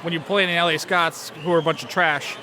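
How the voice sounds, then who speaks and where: Teasing male host, loud festival crowd. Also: fairly high pitch, fairly even intonation, quick pace. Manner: teasing, joking. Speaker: podcast host. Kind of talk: casual chat. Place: outdoors at a highland games. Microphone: handheld microphone. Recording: loud crowd and bagpipe music.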